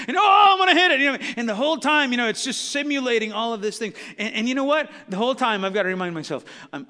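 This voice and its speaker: A man preaching in a fervent sermon, his voice climbing louder and more emphatic as he drives each point home. His tone is bright and high. It rings out with a long hall echo behind him. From Southern California. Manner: impassioned preaching, rising to loud emphatic peaks. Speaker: pastor.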